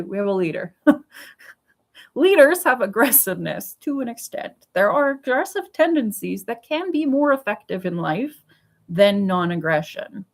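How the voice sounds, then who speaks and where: A woman's voice: mid-range voice, very animated, measured pace, poor audio. A woman in her forties rambling at home in a casual personal vlog, blunt and swearing freely. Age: 40s. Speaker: vlogger. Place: home with pets.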